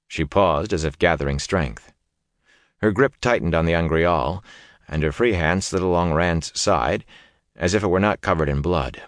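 A man narrating a fantasy audiobook in a measured, even storytelling manner. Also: deep voice, no room sound, studio quality.

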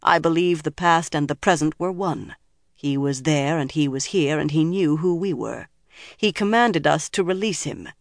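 A reader voicing a cold, stern older woman leader, speaking in a measured, firm way in an audiobook. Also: mid-range voice, dry recording, studio quality, natural voice. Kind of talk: audiobook character reading.

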